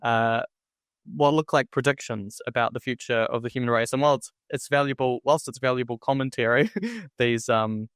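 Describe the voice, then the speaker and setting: A man's voice: medium pitch, fairly even intonation, normal speed, a bit bright, smooth, no room sound, clean studio sound. A man hosting a podcast, musing reflectively in a conversational way. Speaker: podcast host. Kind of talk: conversational interview.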